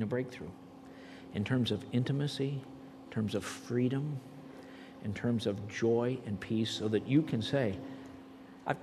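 A middle-aged man teaching a theology class, lively and emphatic, swinging between quiet and loud. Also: lowish voice, slight background noise. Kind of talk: animated classroom lecture and prayer. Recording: long reverb in a hall.

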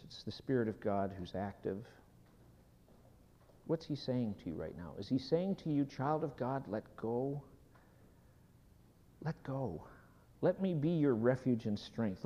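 A man preaching a sermon, telling a personal story slowly and dropping at times to a hushed whisper before leading a prayer. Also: medium pitch. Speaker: pastor. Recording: dull sound in a hall with long reverb.

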